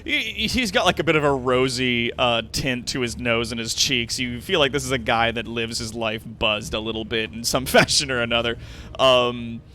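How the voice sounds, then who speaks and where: A man's voice: mid-range voice, moderate pace, bright, forceful tone, a little hiss or hum. A young man narrating a tabletop game as game master, casual, full of fillers and swearing.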